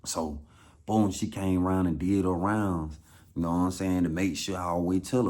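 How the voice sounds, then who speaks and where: Low-voiced Atlanta man, casual slangy storyteller, animated. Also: normal speed. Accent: Southern US, Atlanta. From Atlanta, USA. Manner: slangy, animated, repeats for emphasis.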